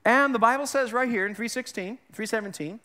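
A man's voice: extremely high pitch, brisk, pushed and bright. A man preaching a conversational sermon to his church, asking rhetorical questions, restarting phrases and joking with the congregation. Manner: jokes with the congregation. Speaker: pastor. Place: church sanctuary.

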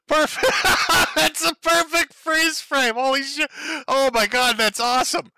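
A man's voice: very high-pitched, steady tone, a little slow, gravelly, pushed and bright, dry recording. A man hosting a stream, giving mocking commentary over clips and laughing often. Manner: laughs often, sneering and gleeful. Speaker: streamer host.

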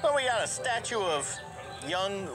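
Animated man commentating a video game. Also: high-pitched, a little slow. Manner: animated, jokey, reacts aloud and laughs often. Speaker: gameplay commentator. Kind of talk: let's play commentary. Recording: game music playing behind. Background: game music.

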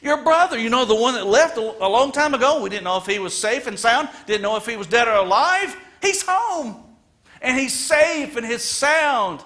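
A preacher acting out an excited male servant who eagerly tells good news, in a high, eager, breathless voice. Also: moderate pace. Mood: overjoyed.

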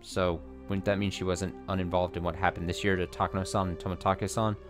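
A man with a low voice reading a visual novel aloud for his stream. He narrates steadily and breaks into expressive, cursing asides. Faint music sits in the background. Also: quick pace. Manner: expressive, swears when annoyed. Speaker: let's play streamer.

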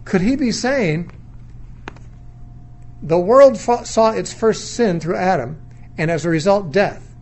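Man, middle-aged, Bible teacher, sermon lecture, fairly high voice, thoughtful, questioning, reasoning aloud. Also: lively intonation, a little slow, a little mellow. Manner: questioning, weighing views, undogmatic.

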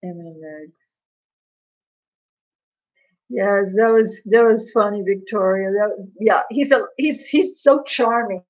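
A woman's voice: mid-range voice, takes it slowly, long pauses. A woman hosting a casual livestream, chatting in a gossipy, laughing way and answering viewers' comments by name. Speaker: livestream host. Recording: dull lo-fi livestream audio.

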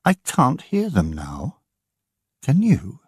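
A man voicing a frightened young mother in an audiobook, with a shrill, pleading voice. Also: huge pitch swings, slow pace, slightly rough, no echo, studio quality, exaggerated voice. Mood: anxious. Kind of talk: audiobook character voice.

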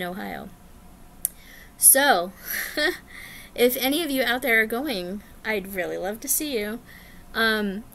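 A woman talking in a chatty, meandering way, bubbling over with excitement as she goes. Her voice sits at an ordinary middle pitch, with a faint hum of noise in the background. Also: vocal fry. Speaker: cross-stitch vlogger. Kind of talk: casual chat to camera.

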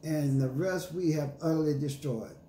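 A man's voice: fairly high pitch, moderate pace, mellow, a little hiss or hum. A man preaching a sermon, reading scripture aloud and retelling it in emphatic street slang, with listeners answering him. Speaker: pastor. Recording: echoey room with faint ambience.

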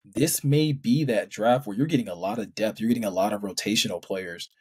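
A man co-hosting a casual sports chat, measured and hedging his points. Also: lowish voice, darkish tone, slightly rough. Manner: measured, hedging with "again" and "I mean". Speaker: co-host.

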